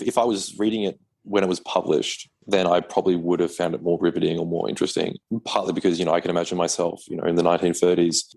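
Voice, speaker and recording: Gravelly low-voiced man on a podcast. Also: darkish tone. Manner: rambling, stop-start explanation. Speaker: podcast panelist. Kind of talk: casual book discussion.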